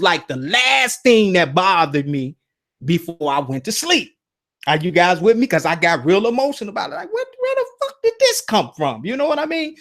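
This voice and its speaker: A man with a fairly high pitch hosts a casual spiritual talk. He tells stories animatedly, often checking in with listeners by asking "right?" and "you see?"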